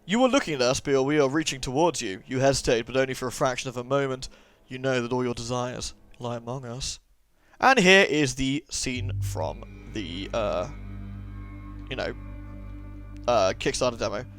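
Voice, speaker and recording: A man's voice: mid-range voice, normal speed, fairly bright tone, soft background music. A man commentating a game playthrough, chatty and sarcastic, joking at the characters. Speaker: let's play host. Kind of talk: gameplay commentary.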